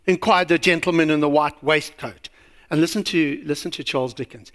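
A man's voice: on the high side, moderate pace, a bit bright. A man preaching a sermon, telling a story with a lot of animation and asking rhetorical questions.

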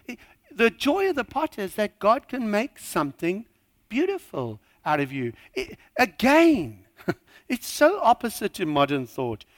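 A man preaching a sermon, emphatic and animated, with joking asides. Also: extremely high pitch, measured pace, dry recording, studio quality.

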